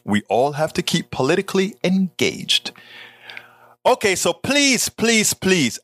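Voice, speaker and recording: Animated male political talk host. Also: fairly high pitch, no echo. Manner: animated, sarcastic asides, repeats words. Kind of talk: live-stream commentary reading news.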